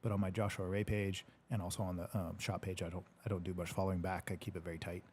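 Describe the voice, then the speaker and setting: A man's voice: low voice, flat delivery, fast talker, a little mellow, a little hiss or hum. A man hosting a casual livestream, reading viewer comments in a laid-back, joking way and swearing now and then. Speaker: podcast host reading live comments. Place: home studio.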